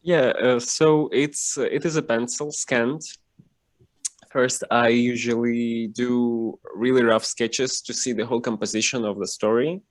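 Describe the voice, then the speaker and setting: A man who is a cartoonist, guest in a casual interview over a video call, talking with lots of fillers and lively emphasis. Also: mid-range voice, measured pace.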